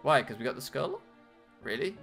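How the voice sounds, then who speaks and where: A British man, a let's play host, chatting casually to viewers in an animated, storytelling way. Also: medium pitch, normal speed, gravelly, soft background music. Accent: British English.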